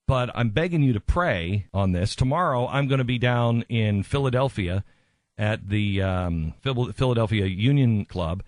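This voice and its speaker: A man's voice: medium pitch, dry recording, clean studio sound. A man hosting a radio talk show, speaking in an impassioned, emphatic way and often repeating himself for stress.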